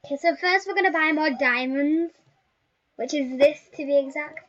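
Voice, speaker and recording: Young female gaming host, high and giddy, squealing, lo-fi computer-mic sound. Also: normal speed. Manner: giddy, squealing, repeats exclamations. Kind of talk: excited casual gameplay vlog. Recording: dull lo-fi recording.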